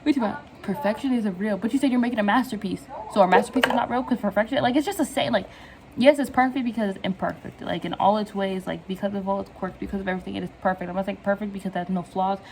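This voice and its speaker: A woman's voice: mid-range voice, fast talker, a little hiss or hum, low-quality recording. A young woman chatting casually in a vlog, rambling from one tangent to the next in slangy speech and laughing often, recorded on her phone at home. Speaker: vlogger.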